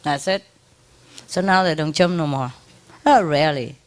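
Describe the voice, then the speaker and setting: This woman's voice is deep and her speed normal as she talks casually to an ashram gathering in her role as spiritual teacher. Frequent laughter punctuates her simple, loosely put-together non-native English.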